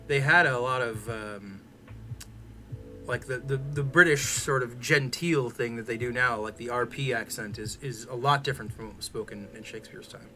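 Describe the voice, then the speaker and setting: A man's voice: medium pitch, normal speed, pushed and bright. A man chatting casually on a stream, rambling with many fillers and restarts. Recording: music playing behind.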